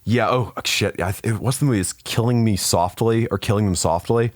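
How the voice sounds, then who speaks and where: A man co-hosting a podcast, chatting casually, swearing freely and animated. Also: fairly low pitch, no room sound, studio quality. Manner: animated, swears freely, jumps into quick put-on voices. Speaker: podcast co-host. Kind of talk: casual chat.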